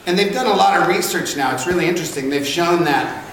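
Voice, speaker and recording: A man's voice: on the high side, fast talker. A man, a voice actor, telling jokey stories at a convention panel. He laughs often and acts out voices. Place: large convention hall. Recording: echoey convention hall from far off, crowd ambience.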